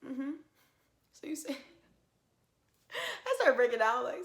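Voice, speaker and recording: A young woman vlogger telling a story in casual chat, animated and dramatic, laughing often. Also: high-pitched, takes it slowly, roomy sound.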